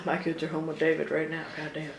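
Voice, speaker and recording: A woman's voice: sits low, monotone, fast talker, creaky. Woman, 30s, podcast co-host; loose, profane, giggly; roomy, slightly noisy recording. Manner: swearing, laughing, chatty. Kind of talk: casual chat. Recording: echoey room with faint noise.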